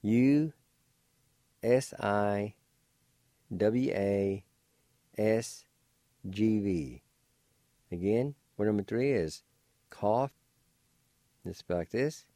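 An older man leads a vocabulary lesson at a very slow, deliberate pace, repeating each syllable. His voice is low and mellow. The room sound is dry and close. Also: no room sound. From Cherokee Nation, Oklahoma. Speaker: language teacher.

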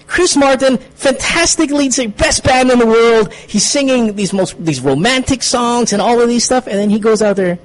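A man's voice: very high-pitched, normal speed, hardly any pauses, poor audio. A man hosting a radio talk show, arguing his point with emphatic, stammering restarts.

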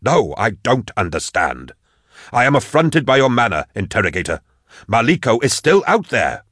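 A man's voice: medium pitch, wildly swooping pitch, moderate pace, fairly bright tone, breathy edge, no room sound, clean studio sound, voice pushed up, full character voice. A man voicing a deluded, stubborn male ex-inquisitor in an audiobook, speaking with haughty indignation. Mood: haughty, indignant. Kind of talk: audiobook character voice.

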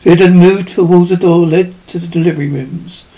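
A man reading a short story aloud in a measured, even way. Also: high-pitched, poor audio. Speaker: audiobook reader.

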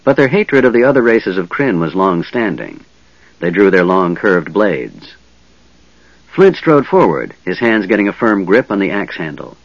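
A man narrating a fantasy audiobook in an expressive reading, recorded dull and dry. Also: low-pitched, moderate pace, no room sound. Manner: lively, expressive reading with many voices.

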